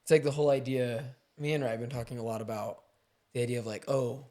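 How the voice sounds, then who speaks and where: A man's voice: mid-range voice, steady tone, fast talker, dark tone. A man hosting a casual conversation, sharing his views in an earnest, reflective way and often saying "like.". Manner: earnest, reflective, says "like" a lot.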